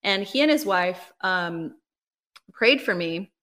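A woman, a ministry leader, talking casually as a podcast guest, telling a personal faith story in an animated way with lots of "like" and "right?". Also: mid-range voice, slow pace. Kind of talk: casual interview, personal testimony.

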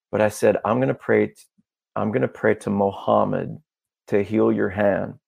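A man as a podcast guest, telling a story in a casual, animated way and acting out the dialogue. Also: lowish voice, a little fast, gravelly. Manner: animated, acts out dialogue, peppers talk with "bro" and "dude".

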